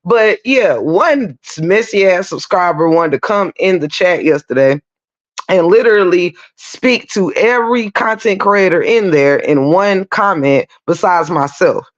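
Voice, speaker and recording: A woman's voice: lowish voice, expressive, measured pace, dull audio. A woman hosting a live stream, ranting bluntly and profanely in casual talk. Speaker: livestream host.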